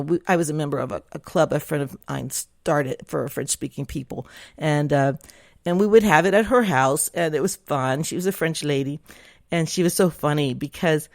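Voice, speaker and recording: A woman's voice: low-pitched, no echo, clean studio sound. A middle-aged woman from the South, talking casually and bluntly in a rambling monologue. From Southern United States. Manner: opinionated, chatty, rambling with restarts. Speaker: vlogger.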